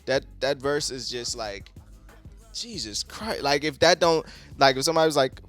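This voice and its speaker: A man's voice: mid-range voice, animated, normal speed, fairly bright tone, soft background music. A man giving a casual album review, talking loosely with lots of cursing and filler words. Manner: loose, profane, heavy on "like". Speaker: music reviewer.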